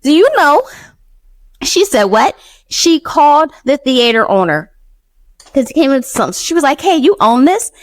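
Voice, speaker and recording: An animated woman tells a personal story in a casual podcast monologue. She acts out what others said and laughs as she goes. Her voice sits a little high and sounds close and dry. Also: unhurried, long pauses, no room sound. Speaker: podcast host.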